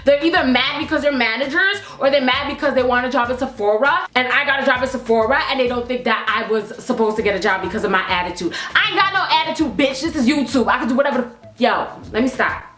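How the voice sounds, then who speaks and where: A high-voiced young woman tells a story to camera in a sassy, blunt and animated way. Her voice rings in an echoey indoor room, and faint music plays underneath. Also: fast. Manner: sassy, animated and blunt, swinging into a loud put-on diva voice. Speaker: vlogger. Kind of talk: casual storytime vlog.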